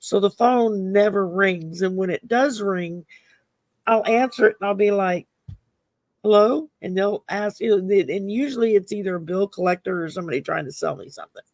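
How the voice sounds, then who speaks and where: A man's voice: high voice, fairly quick, no room sound. A man co-hosting, chatty and amused as he tells stories. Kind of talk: casual chat.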